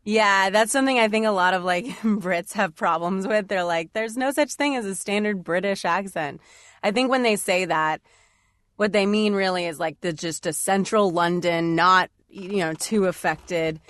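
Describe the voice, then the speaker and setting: A woman's voice: lowish voice, moderate pace, fairly bright tone, dry recording. A woman voice actor chatting casually on a podcast, filling her talk with "like"s and frequent laughs. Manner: chatty, many "like"s, laughs often. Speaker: voice actor and demo writer, guest.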